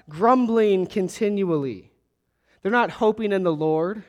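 Middle-aged male pastor, high voice, emphatic sermon cadence, long hall reverb. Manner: emphatic, rising and falling delivery with long pauses.

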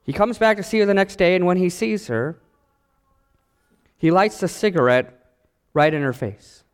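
A man preaching a sermon as pastor, animated and acting out the voices in his stories. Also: high-pitched, normal speed, clean tone, big-room sound.

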